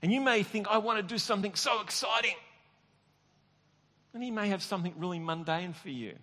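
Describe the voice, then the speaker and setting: Speaking a little fast, a middle-aged pastor shares personal stories in a laid-back sermon, laughing at his own expense and frequently restarting his sentences. For a man his voice sits a bit high, and it echoes with the long reverb of a large hall.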